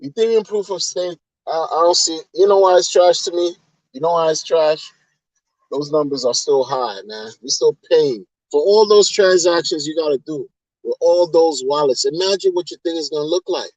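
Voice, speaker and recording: Rambling man with a higher voice. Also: moderate pace, dry recording, low-quality recording. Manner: rambling, repetitive, exasperated. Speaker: crypto livestream host. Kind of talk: casual livestream rant.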